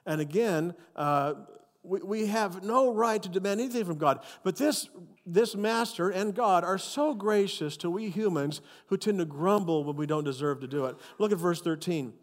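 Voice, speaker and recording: A male pastor preaching a sermon with animated, emphatic storytelling. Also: sits high, moderate pace, in a large hall.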